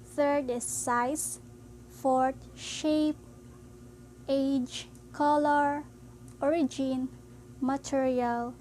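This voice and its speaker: Woman teacher, high voice, slow and halting grammar explanation, faint hum behind. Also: fairly even intonation. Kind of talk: classroom grammar lesson.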